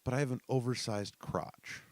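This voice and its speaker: A man's voice: medium pitch, fairly even intonation, moderate pace, dry recording, pitched above the performer's own voice, lightly acted. A man voicing a young woman caller who hesitantly explains an awkward problem. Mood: earnest.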